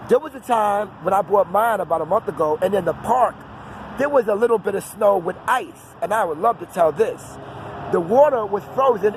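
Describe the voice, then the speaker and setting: Rambling high-voiced New man outdoors. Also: low-quality recording. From New York City. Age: 40s. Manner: digressive, talkative, trails off into fillers. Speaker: vlogger. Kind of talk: rambling unscripted outdoor monologue. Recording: outdoor street noise and traffic.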